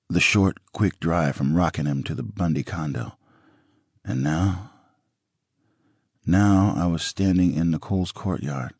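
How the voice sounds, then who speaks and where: Deep husky man reading a story. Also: a little mellow, no room sound, clean studio sound. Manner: blunt, profane storytelling. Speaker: audiobook narrator. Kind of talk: first-person book reading.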